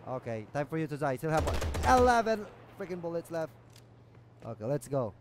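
A young man reacts out loud to his game in a high, swooping voice, excitable and swearing as he goes. He talks straight to the characters on screen. Gunfire from the game is clearly heard behind him. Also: moderate pace. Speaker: gaming YouTuber. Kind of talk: live gameplay commentary. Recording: noisy game audio with gunfire. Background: gunshots from the game.

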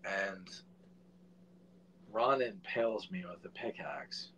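A man in his forties, a filmmaker guest, telling a casual anecdote in an animated way and swearing freely. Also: low voice, takes it slowly, a little hiss or hum, rough recording.

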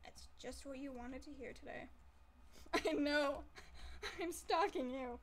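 A woman's voice: sits high, takes it slowly. A woman giving casual let's-play commentary over a game, giggly, playful and melodramatic. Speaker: gameplay commentator.

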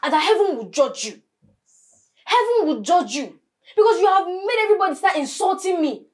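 A high, sharp-tongued teenage girl who heaps curses and scorn on her sister in a Nollywood film. Her comes through, and she stumbles over her words when she is heated. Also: very animated, normal speed. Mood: bitter ranting. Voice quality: scornful, cursing, stammering when worked up.

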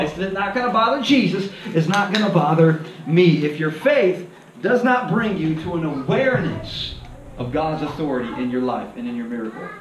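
Animated preacher in an echoey hall. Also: male voice, high-pitched, normal speed, background noise. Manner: animated preaching, acts out voices, asks the crowd to repeat. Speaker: pastor. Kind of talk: sermon. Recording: echoey hall, heard from a distance.

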